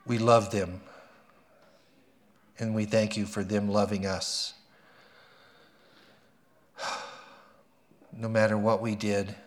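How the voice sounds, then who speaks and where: A male pastor giving a Mother's Day sermon, telling stories with lively energy and praying earnestly. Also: fairly low pitch. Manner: lively storytelling, earnest in prayer. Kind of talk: sermon with a read story and prayer.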